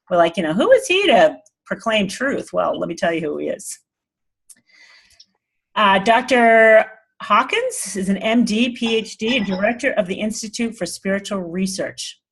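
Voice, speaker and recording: A woman's voice: mid-range voice, fairly bright tone. A woman hosting an online group call, talking casually and reading aloud, emotional and laughing often. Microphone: video call.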